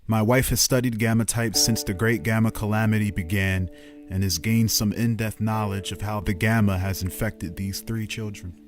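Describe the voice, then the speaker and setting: Regretful injured widower, played by a man, low and apologetic. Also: fairly even intonation, normal speed, over music, close to an everyday voice. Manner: solemn, apologetic.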